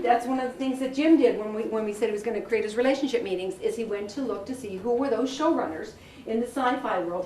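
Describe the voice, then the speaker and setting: A woman's voice: medium pitch, a little hiss or hum. Chatty woman leading a workshop. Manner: chatty, anecdotal, animated storytelling with laughs. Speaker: workshop leader. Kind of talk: teaching a career workshop to a group. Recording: echoey room from far off, faint ambience.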